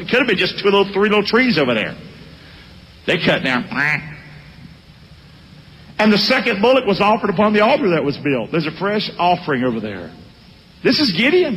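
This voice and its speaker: A man's voice: high voice, normal speed, long pauses. A male pastor preaching a sermon, calling out to his congregation. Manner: animated, calls out to congregation. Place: church hall. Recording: echoey hall.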